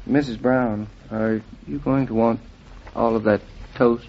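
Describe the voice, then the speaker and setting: An actor voicing a wisecracking young husband who answers everything with wry jokes. The sound is muffled and lo-fi, like an old radio broadcast. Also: male voice, medium pitch, fairly even intonation, measured pace, close to an everyday voice. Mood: teasing. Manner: wry and joking. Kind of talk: vintage radio drama acting.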